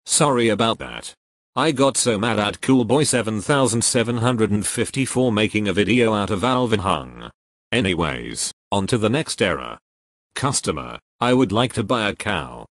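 A computer-generated male voice that reads joke error messages aloud in a flat, even, text-to-speech manner. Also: on the low side, normal speed, no room sound, studio quality. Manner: flat, evenly paced computer voice. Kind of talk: synthetic text-to-speech reading.

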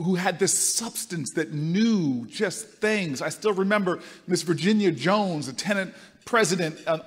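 Man telling a story in a hall. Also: high voice. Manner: storytelling, animated, swings between loud and soft. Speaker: speaker at a conference. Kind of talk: speech to a live audience. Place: large conference hall. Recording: reverberant hall.

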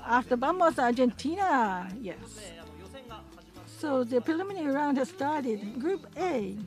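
A woman giving a simultaneous English interpretation of a program, halting often with fillers as she keeps up. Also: sits high, a little mellow, rough recording. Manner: halting, with frequent pauses and fillers.

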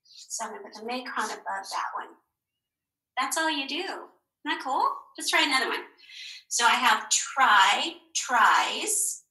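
A woman teacher giving a recorded phonics lesson to young children, slow and encouraging, asking questions and answering them herself. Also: on the high side, lively intonation, pushed and bright. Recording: echoey room.

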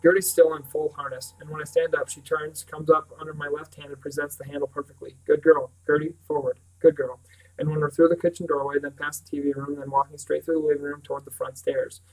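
A man's voice: fairly high pitch, flat delivery, fast, few pauses, a little mellow. Man reading an audiobook, distant mic. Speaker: audiobook narrator. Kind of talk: scripted narration.

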